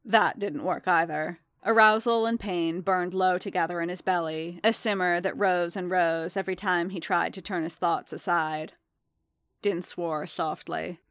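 A woman reading a story aloud with a low, measured voice. The delivery is steady and unhurried, and the sound is dry and close with no room around it. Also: no room sound. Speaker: narrator. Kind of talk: reading fan fiction aloud.

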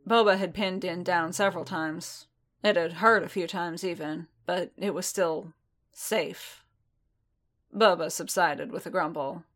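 Woman reading fanfic aloud, takes her time, kinda low voice. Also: fairly even intonation, a little slow, fairly bright tone. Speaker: narrator. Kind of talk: fan fiction audiobook narration.

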